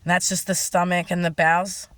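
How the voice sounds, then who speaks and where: A woman's voice: lowish voice, little pitch movement, a little fast, fairly bright tone, no room sound. An Australian woman giving a rambling, distressed, frank personal monologue. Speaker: vlogger.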